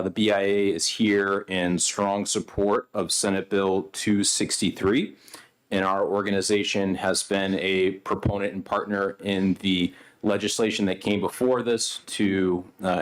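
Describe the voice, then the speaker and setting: A man representing a business association, giving polished, measured testimony to a senate committee. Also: low-pitched, flat delivery. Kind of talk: formal testimony. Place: state senate hearing room.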